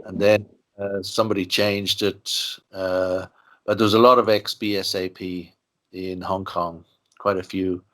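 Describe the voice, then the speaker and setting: Older man from Ireland, interviewee, lowish voice, rambling and chatty. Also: little pitch movement, unhurried, fairly bright tone. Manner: rambling, frequent "you know" asides. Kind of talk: relaxed storytelling interview.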